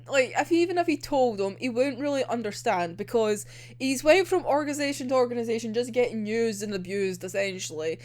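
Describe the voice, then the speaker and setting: A woman's voice: a little high, animated, a little fast, a little mellow. A young woman recapping a manga chapter in a gushing, casual way, laughing often and swearing freely. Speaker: manga reaction vlogger.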